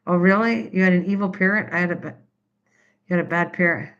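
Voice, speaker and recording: A woman's voice: on the low side, steady tone, fast talker, a bit bright, muffled recording. An older woman from Canada hosting a casual craft live stream, rambling chattily and answering viewers' typed comments.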